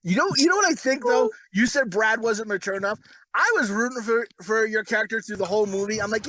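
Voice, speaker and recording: A man hosting a podcast, crude and swearing constantly, laughing loudly in casual chat. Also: high voice, expressive, fast, slight background noise, rough recording. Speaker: podcast host.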